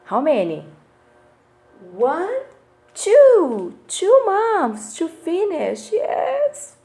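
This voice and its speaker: A woman's voice: extremely high pitch, huge pitch swings, drawn-out words, gravelly, darkish tone. A woman teaching English to kindergarten children in an online class, speaking in an exaggerated, sing-song way and asking them many questions.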